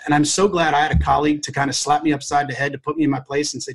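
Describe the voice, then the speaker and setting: Husky-voiced man telling a heartfelt story. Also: on the high side, little pitch movement. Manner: earnest, heartfelt, halting with repeated restarts; acts out quoted dialogue. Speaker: educator and podcast guest. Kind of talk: emotional personal storytelling.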